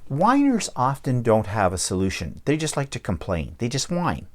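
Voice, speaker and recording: A man's voice: medium pitch, wildly swooping pitch, moderate pace. A man hosting his own vlog, ranting bluntly and checking in with the viewer as he goes. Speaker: vlog host. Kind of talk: casual vlog rant.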